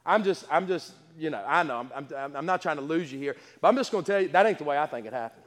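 A man's voice: a little high, lively intonation, fast. A man preaching a sermon in a folksy, emphatic way, full of stammering restarts. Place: church sanctuary. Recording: long hall reverb.

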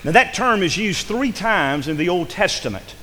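A man's voice: high voice, animated, normal speed, pushed and bright, slight background noise. A male pastor preaching a fervent sermon in a church, swelling into impassioned calls to the congregation. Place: church sanctuary. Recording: reverberant church hall.

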